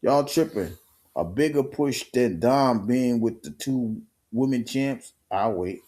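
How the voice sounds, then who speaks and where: A man hosting a live stream, telling the story in an animated, slang-heavy way with swearing and casual sports talk. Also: mid-range voice, slow.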